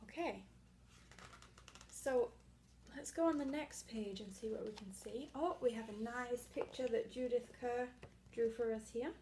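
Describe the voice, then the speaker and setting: A young woman teaching small children to read, talking slowly and patiently and checking in often. Her voice sits a little high, and now and then she claps out syllables or half-whispers a word. A faint room hum runs underneath. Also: a little mellow. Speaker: reading teacher. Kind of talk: early literacy read-aloud lesson.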